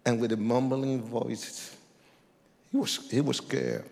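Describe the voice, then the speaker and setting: A man giving a dramatic testimony sermon in a church, theatrical and bursting into shouts as he acts out scenes. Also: mid-range voice, flat delivery, slow, vocal fry. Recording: long church hall reverb.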